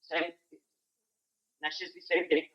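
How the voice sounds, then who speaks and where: Older Indian male teacher drilling syllables, unhurried and repetitive; muffled lo-fi tape recording. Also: a little high, little pitch movement. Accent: Indian English. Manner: slow, repeats each syllable, asks "see?". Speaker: Sanskrit teacher. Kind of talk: classroom lesson. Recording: dull lo-fi 1980s tape.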